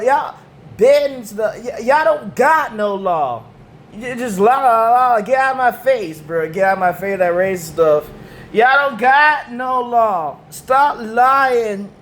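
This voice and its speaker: A man with damaged vocal cords rants casually to camera in a high-pitched, slightly bright voice, rambling, repeating himself, and using slang. There's a little hiss or hum in the recording.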